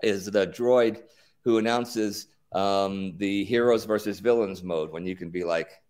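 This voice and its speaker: A man's voice: on the low side, unhurried, a little mellow. A middle-aged man from the United States, talking casually as an interview guest and repeating words as he thinks.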